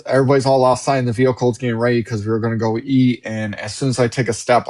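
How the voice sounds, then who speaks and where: A man, a paranormal investigator, chatting casually and excitably, often repeating himself. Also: mid-range voice, racing, few pauses. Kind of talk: casual chat.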